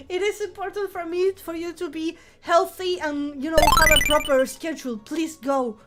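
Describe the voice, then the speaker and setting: High-pitched woman streaming, talking soft cuz she's getting over the flu, a bit of music in the back. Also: steady tone, a little slow. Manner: soft-spoken, playful, chatty. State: recovering from flu, coughing. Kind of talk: casual live-stream chat.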